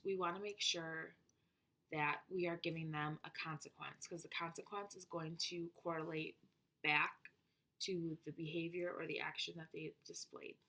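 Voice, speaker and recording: A woman's voice: low-pitched, bright, forceful tone. Woman reading a teaching presentation.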